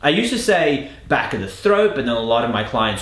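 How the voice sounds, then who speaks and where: A man teaching an accent lesson as a coach, explaining drills with an emphatic, lively delivery. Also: medium pitch, fairly quick, hardly any pauses. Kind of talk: instructional lesson. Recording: echoey room.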